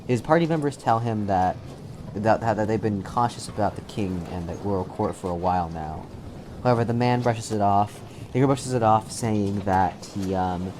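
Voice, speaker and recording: A man's voice: fairly low pitch, noisy background. A man narrating a tabletop game as game master, laid-back, with many fillers and restarts.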